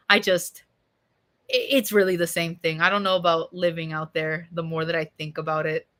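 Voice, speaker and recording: A young woman streamer answers chat in a loose, rambling way, full of swearing and fillers. Her voice sits on the low side, pushed and bright, and a bit hoarse because she's sick.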